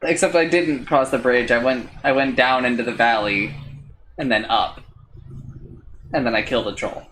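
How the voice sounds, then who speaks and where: A man's voice: mid-range voice, steady tone, moderate pace, long pauses, a bit bright, a little hiss or hum, rough recording. A man streaming, reading a text adventure aloud with casual, swearing asides.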